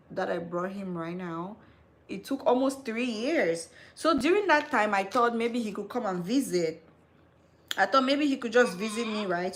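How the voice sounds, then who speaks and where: A woman in her thirties hosting a live stream, telling a personal story in an animated, chatty way. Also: medium pitch. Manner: animated storytelling, calls listener "girl". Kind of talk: casual live-stream chat.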